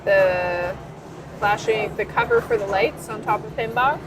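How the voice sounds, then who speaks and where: A woman's voice: medium pitch, measured pace, noisy background. A woman co-hosting a casual live stream from an arcade, chatty and rambling, often trailing off mid-sentence. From Canada. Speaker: arcade co-owner and stream co-host.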